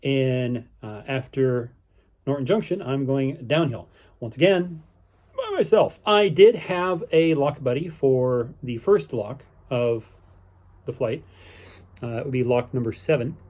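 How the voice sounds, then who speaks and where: A man talking through his day for a vlog in a loose, rambling way, stopping and restarting often with plenty of fillers. His voice sits at an ordinary middle pitch, and he sounds easygoing and upbeat throughout. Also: measured pace, darkish tone. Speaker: vlogger on a canal boating holiday. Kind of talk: casual spoken recap.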